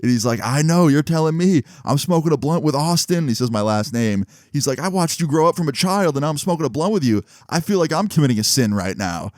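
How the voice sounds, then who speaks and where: A man's voice: fairly high pitch, animated, fast, hardly any pauses, a little mellow, no echo, studio quality. A young man casually telling a story in a laid-back, slangy way, chuckling now and then.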